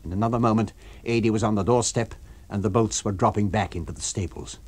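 A man narrating an abridged novel for radio in a measured, expressive storytelling manner. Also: lowish voice. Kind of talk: abridged audiobook reading for radio.

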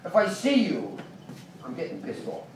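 Rambling comic ranting in an echoey club. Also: male voice, high-pitched, huge pitch swings, normal speed. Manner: rambling, swings from mumbling to ranting. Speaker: stand-up comedian. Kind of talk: open-mic stand-up set. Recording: echoey club from far off, noisy.

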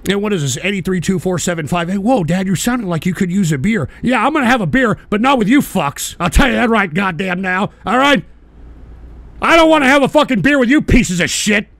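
Gravelly, high-voiced ranting man. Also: animated, a little fast, no echo. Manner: profane, irritable, bursts into shouting. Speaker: livestream show host. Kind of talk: ranting live stream reading chat donations.

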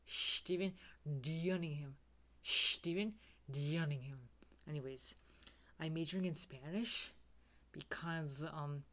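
A woman's voice: low voice, fairly bright tone. A woman playing a goofy young male student who laughs at his own jokes. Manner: slow, dragging, self-amused. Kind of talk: comedy sketch character.

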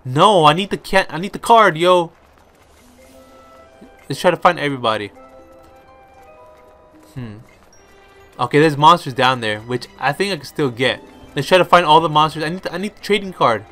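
Excitable young man gaming, bright voice. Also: on the high side, normal speed, pauses often. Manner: excitable, talks to himself while playing; trash-talks enemies with mild swearing. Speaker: gaming video host. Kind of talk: let's play commentary. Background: faint background music.

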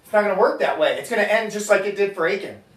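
A man's voice: high voice, expressive, very fast. A man giving an emphatic, conversational sermon to a gathering in a meeting room. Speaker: preacher. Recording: echoey room, voice from far off.

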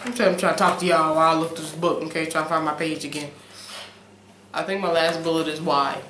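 Animated young woman vlogging in an echoey room. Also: deep voice, fast talker, slight background noise. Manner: animated, preachy, repeats "okay?" often; wavers between loud emphasis and soft trailing asides. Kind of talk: casual talk-to-camera chat. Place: room at home, late at night.

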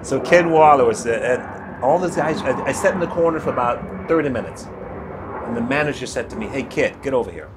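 A man in his sixties, a guest in an interview, telling his life story in a lively way, acting out other people's voices and laughing often. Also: medium pitch, brisk, noisy background. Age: 60s. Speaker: guest, retired bodybuilder.

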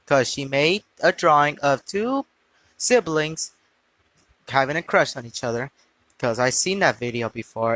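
A man's voice: a little high, fairly bright tone, no room sound. Man listing complaints matter-of-factly. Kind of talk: podcast callout talk.

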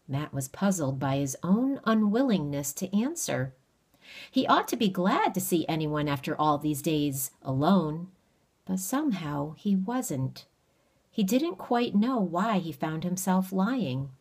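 A woman reading a children's novel aloud, with steady, measured storytelling. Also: low voice. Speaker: reader.

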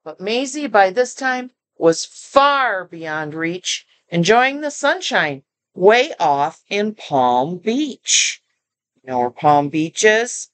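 Slow, lively grandmotherly storybook reader. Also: medium pitch. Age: older. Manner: expressive, stops to comment and ask the listener questions. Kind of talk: reading a children's picture book aloud.

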